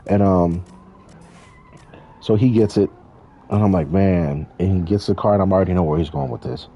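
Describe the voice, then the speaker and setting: A young man talks in a loose, rambling way, full of slang and swearing, as he answers viewer questions during a gaming stream. His voice sits low and sounds soft and mellow. It also has a slightly husky grain. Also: normal speed, lo-fi sound. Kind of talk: casual Q&A chat while playing a driving game.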